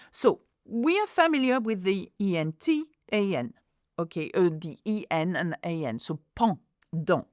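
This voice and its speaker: A woman teaching pronunciation, modelling words slowly and explaining them in English. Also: on the low side, dry recording, studio quality. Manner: slow, clear modelling of French words, then explaining in English. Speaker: French teacher. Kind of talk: pronunciation lesson.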